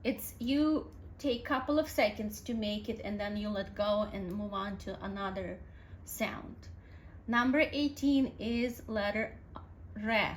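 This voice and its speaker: A woman's voice: mid-range voice, a little slow, a little hiss or hum. A woman teaching a language lesson, patiently spelling out sounds letter by letter. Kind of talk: alphabet lesson.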